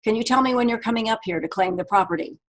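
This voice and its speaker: Lady reading a pushy formal lawyer guy, impatient, keeps pressing, husky voice. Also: fairly high pitch, quick pace, voice pushed up, lightly acted. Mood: insistent. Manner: insistent, formal. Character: persistent older male lawyer, impatient.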